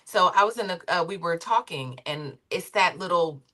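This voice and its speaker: A woman chatting on a podcast, telling stories about her teenage daughter in a playful, expressive way. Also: lowish voice, moderate pace. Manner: lively, expressive, playful storytelling. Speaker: podcast co-host. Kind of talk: casual podcast conversation.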